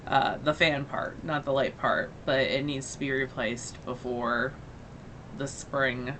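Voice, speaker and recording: Slow, bright woman with a slight Southern-Northern US lilt. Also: rumbling low, steady tone, slight background noise. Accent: slight mixed Northern and Southern US. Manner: chatty, rambling with fillers. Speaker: podcast co-host. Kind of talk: casual chat.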